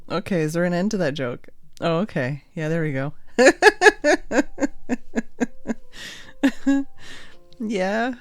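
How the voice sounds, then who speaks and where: A woman's voice: fairly low pitch, animated, normal speed, darkish tone, no room sound, faint music behind. A woman hosting a casual livestream, chatting in a rambling way and laughing often. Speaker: livestream host. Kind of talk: casual chat while making art on stream.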